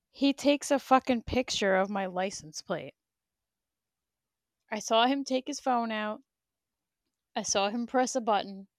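On a casual livestream, a woman in her thirties vents bluntly and swears a lot while sounding slightly out of breath. Her voice is medium-pitched, and the recording is clean studio sound with no echo.

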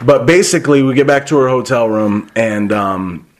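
A man's voice: mid-range voice, moderate pace. A man hosting a podcast, telling loose, profane, rambling anecdotes in casual chat. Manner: frequent restarts and fillers. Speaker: podcast host.

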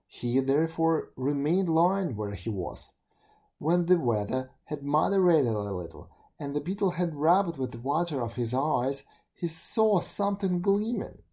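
Expressive fairy tale reader, mellow tone. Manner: expressive, shifting pitch for emphasis. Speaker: storyteller.

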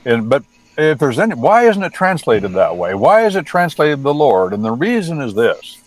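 A man's voice: medium pitch, sing-song, normal speed, no echo, poor audio. A man who translates the Bible, talking casually on the radio and teaching with folksy, wry asides.

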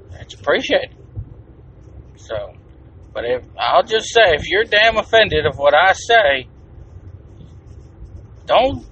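A man's voice: fairly high pitch, a bit bright. A man hosting his own podcast, ranting bluntly and profanely in a rambling, casual way. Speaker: podcast host. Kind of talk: casual solo podcast rant. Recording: distant, dull lo-fi mic with faint noise.

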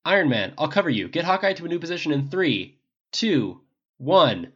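A reader playing a brisk, earnest male captain. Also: mid-range voice, very animated, fairly bright tone, breathy edge, muffled recording, voice pushed up. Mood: commanding. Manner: polite, commanding, brisk.

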